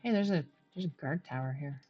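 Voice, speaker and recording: A woman's voice: sits low, fairly quick, muffled recording, faint music behind. A woman streaming a game, chatting and thinking aloud as she plays and talks to her viewers. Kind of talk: live gameplay commentary.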